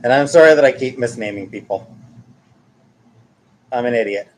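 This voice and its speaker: A man's voice: mid-range voice, normal speed, darkish tone, poor audio. A man in his forties chatting casually while showing family photos, rambling, jokey and self-mocking. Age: 40s. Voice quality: husky. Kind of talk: casual chat.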